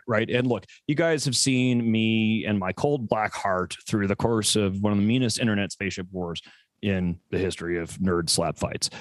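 An American man with a lowish voice, recorded dry and close. He co-hosts a podcast in casual chat, rambling and swearing, often tripping over repeated words. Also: no echo. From USA. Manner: profane, rambling, many stammered repeats. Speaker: podcast co-host.

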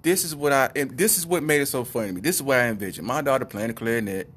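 A man's voice: mid-range voice, rapid-fire, a bit bright, breathy edge. A man telling a family story in a casual, slangy monologue, laughing at his own tale.

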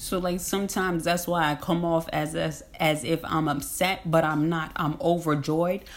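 Low-voiced woman in an emphatic, slangy monologue. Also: fairly even intonation, moderate pace. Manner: emphatic, slangy, laughs often, repeats herself. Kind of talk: casual rambling monologue.

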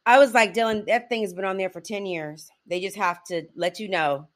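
A woman's voice: mid-range voice, a little fast. A middle-aged woman co-hosting a podcast, chatting casually and acting out quoted voices with expression. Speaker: podcast co-host. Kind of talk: casual chat.

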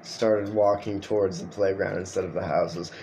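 A man hosting a podcast, reading an online story aloud and breaking in with crude, animated comments. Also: low-pitched, normal speed, slight background noise. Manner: profane, animated storytelling with asides. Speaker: podcast host.

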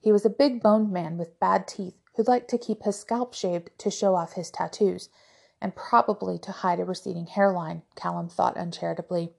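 Woman narrator, fantasy audiobook, measured reading, gravelly fry. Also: fairly low pitch, steady tone, darkish tone. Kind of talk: reading a fantasy novel aloud.

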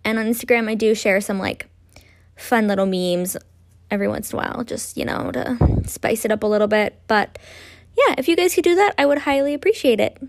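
A woman's voice: on the high side, a little fast. Chatty young woman podcaster. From Ontario, Canada. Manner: chatty, swearing, self-deprecating asides. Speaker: podcast host. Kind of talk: casual true-crime podcast narration.

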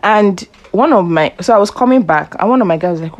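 A young woman hosts a relaxed podcast conversation with friends. She tells stories animatedly, slips into quoted voices and laughs easily, with a voice sitting at an everyday middle pitch for a woman. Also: fast talker. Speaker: podcast host. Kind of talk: casual chat.

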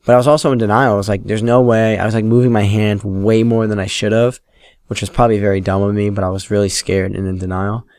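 A man's voice: fairly low pitch, level tone, fast, a little mellow, smooth, dry recording. A man in his late teens hosting a solo podcast, telling rambling, self-deprecating stories and swearing freely. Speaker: podcast host. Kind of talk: casual solo podcast storytelling.

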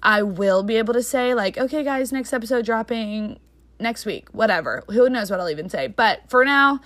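A young adult woman hosting her own podcast in casual solo chat, talking fast and rambling with lots of fillers. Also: fairly high pitch, lively intonation, a bit bright, dry recording. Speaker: podcast host.

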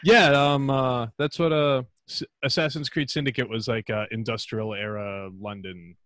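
A man's voice: medium pitch, steady tone, normal speed, a bit bright, no echo. Laughing, rambling American man. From United States. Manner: laughs often, rambling with restarts. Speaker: podcast guest, voice actor. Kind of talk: casual chat.

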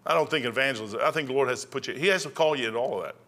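Folksy pastor, bright forceful voice. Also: male voice, medium pitch, very fast. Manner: plain-spoken, folksy preaching with rising outbursts. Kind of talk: sermon.

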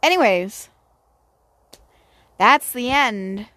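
A woman's voice: a little high, expressive, unhurried, fairly bright tone. A girl in her late teens ranting casually outdoors into her phone, blunt, profane and self-mocking. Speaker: vlogger. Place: outdoors near home at sunset.

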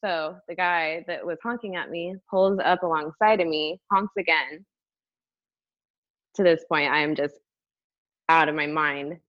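A woman telling a personal story in casual talk, animated, full of "like" fillers and swearing. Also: deep voice, unhurried, long pauses, dry recording, highs cut off.

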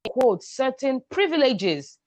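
A woman educator explaining her ideas in a measured, emphatic way on a podcast. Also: high-pitched, very animated, darkish tone, no echo. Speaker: guest, sexual and reproductive health educator. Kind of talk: podcast conversation.

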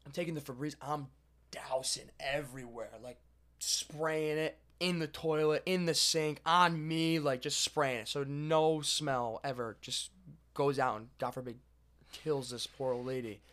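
A young man casually telling a long story to a friend, animated and swearing as he goes. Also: on the high side, measured pace. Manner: animated, swearing, lively retelling.

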